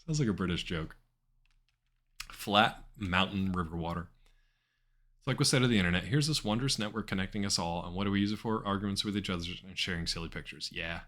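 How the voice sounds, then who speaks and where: A man rambles through a live game stream very fast with hardly any pauses, his voice a little low but bright and forceful. Chatty with viewers, he's full of ums, fillers and restarts while keyboard clicks tap in the background.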